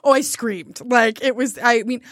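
A woman's voice: fairly high pitch, steady tone, a little slow, no room sound, studio quality. A young woman telling a rambling story in casual chat, laughing often and restarting her sentences.

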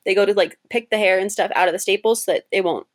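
Lively young woman telling a story. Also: quick pace. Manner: animated, laughing storyteller, pitch jumps for quoted voices. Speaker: interview guest, cosplayer. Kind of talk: casual storytelling interview.

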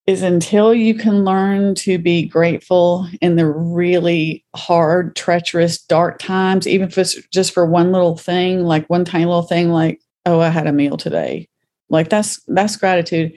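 Earnest woman guest, lowish voice. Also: steady tone, measured pace, dark tone. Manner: earnest storytelling with vivid re-enactment; faith-centered, speaks with compassion. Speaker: podcast guest. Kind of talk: conversational interview.

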